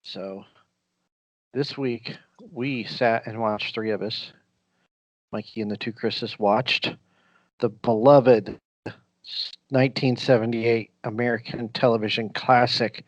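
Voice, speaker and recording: A man's voice: mid-range voice, steady tone, slow pace, dry recording. A man hosting a casual podcast, rambling through recaps with frequent laughs. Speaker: podcast host.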